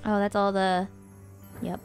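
A woman streamer talking casually over a game, reacting to it and chatting with viewers as she plays. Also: mid-range voice. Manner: chatty, reacts to the game and reads chat aloud. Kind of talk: live gameplay commentary.

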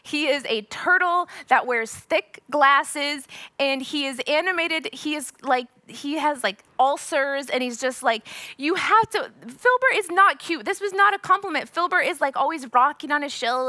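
A woman in her thirties preaches to young people in a high, bright voice. She speaks with animated emphasis and repeats phrases as she builds each point. The sound is close and dry. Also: normal speed, dry recording. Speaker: youth pastor. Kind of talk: sermon with personal stories.

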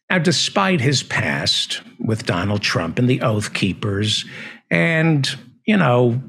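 A man with a husky, slightly breathy voice, hosting a satirical news monologue. He talks in a sardonic, deadpan way, letting ironic pauses land. His pitch sits in an ordinary middle range for a man. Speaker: news comedy host.

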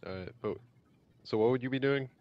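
A man's voice: medium pitch, fairly quick, highs cut off. A young man hosting a casual chat over a voice call, laid-back, stumbling over his words and swearing casually. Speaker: podcast host. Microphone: computer mic on a voice call.

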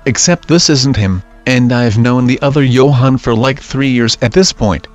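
A man voicing a creepy stranger at a campfire in a flat, matter-of-fact tone. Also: medium pitch, moderate pace, faint music behind, lightly acted.

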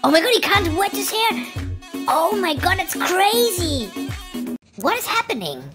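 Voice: extremely high pitch, big pitch swings, a little slow. A reaction video host who exclaims, gasps and giggles at clips and makes up rhyming nonsense words. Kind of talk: excited reaction commentary. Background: music from the clips.

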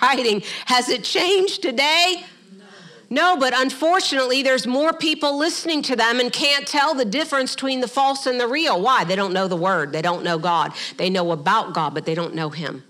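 A middle-aged woman pastor preaching a sermon, animated, with humorous asides and quick acted-out quotes. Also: on the high side. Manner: acts out quoted voices in passing.

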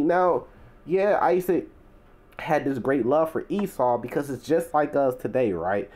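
A man's voice: medium pitch, expressive, a little slow, a little mellow. Man giving an emphatic, chatty bible teaching. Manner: conversational, leans on "you know" and "right?"; swells to emphatic, preacherly stresses.

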